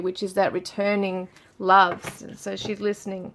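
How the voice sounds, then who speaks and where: A woman giving a relaxed tarot reading, musing aloud with frequent fillers as she reads out card messages. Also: medium pitch, measured pace, hardly any pauses. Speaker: tarot reader. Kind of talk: casual tarot reading for viewers.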